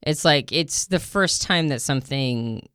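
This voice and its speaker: A woman co-hosting a casual podcast, talkative and animated, often laughing as she talks. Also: low-pitched, unhurried, clean tone, no room sound, clean studio sound. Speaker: podcast co-host.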